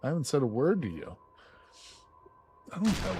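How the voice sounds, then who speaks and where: A man streaming a survival game live, reacting excitedly with swearing and laughter as he plays. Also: mid-range voice, slow, gravelly, pauses often, a little hiss or hum. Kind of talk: live gameplay commentary.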